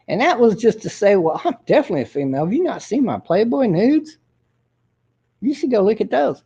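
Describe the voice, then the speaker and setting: A man's voice: high-pitched, a little mellow, breathy edge. A man hosting his own show in a crude, profane, mocking ranting monologue. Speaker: show host. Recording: dull lo-fi audio.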